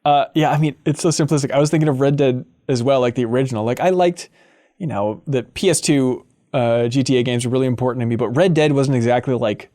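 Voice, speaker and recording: A man hosting a casual podcast chat, playful and animated, with jokey asides. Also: mid-range voice, fast. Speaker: podcast host.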